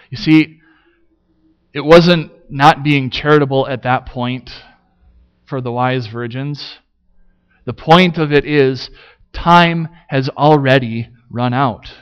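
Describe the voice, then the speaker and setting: Male pastor, unhurried sermon delivery, clear voice, slightly dull lo-fi recording. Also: mid-range voice. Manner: slow, measured preaching with dry humor.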